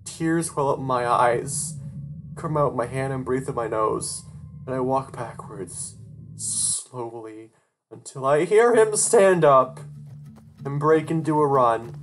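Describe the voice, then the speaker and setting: A storyteller reading a first-person horror story aloud, with an emotional, tearful delivery and frantic outbursts. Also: medium pitch. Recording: guitar music playing behind the voice.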